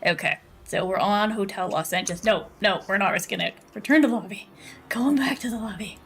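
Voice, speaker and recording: A woman game streamer with a mid-range, brisk, slightly bright voice chats casually with her viewers and teammate while she plays. She's bubbly, packs her speech with fillers, and laughs often through this live-stream gaming chatter.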